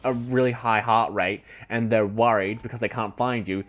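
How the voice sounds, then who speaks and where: A man's voice: on the low side, steady tone, normal speed, a bit bright. A young man casually commenting on a video game he is playing, eagerly explaining things and rambling with many fillers. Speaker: gameplay commentator. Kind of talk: casual let's play chat.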